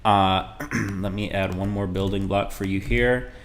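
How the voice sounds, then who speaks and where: A man teaching Spanish in a relaxed, conversational video lesson, modeling phrases slowly for beginners. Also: deep voice, a little hiss or hum.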